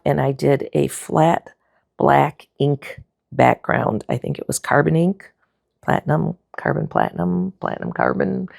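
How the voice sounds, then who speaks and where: Woman, low and raspy-gravelly, easygoing rambling sketchbook tour, dry close sound. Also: no echo. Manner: relaxed and chatty, with frequent fillers and self-corrections. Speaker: art vlogger.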